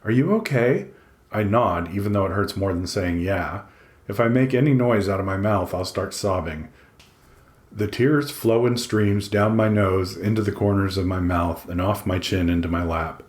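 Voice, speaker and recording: A man's voice: deep voice, fairly even intonation, normal speed. A man reading a first-person audiobook in a dry, introspective way. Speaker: audiobook narrator. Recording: echoey room.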